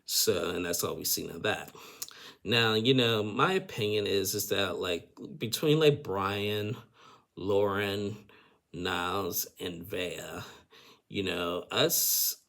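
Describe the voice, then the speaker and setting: A man's voice: sits low, slow, vocal fry, fairly bright tone. A man giving a casual, rambling recap of a reality show, full of filler phrases. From United States. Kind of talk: casual commentary.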